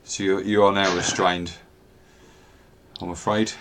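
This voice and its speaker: A man narrating as game master, relaxed and rambling with many fillers. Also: sits low, unhurried, slight background noise.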